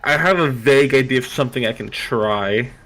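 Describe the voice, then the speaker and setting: A man's voice: mid-range voice, brisk, a bit bright. A young man playing in a tabletop game, talking hesitantly and laughing at himself. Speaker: player. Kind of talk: casual tabletop game chat.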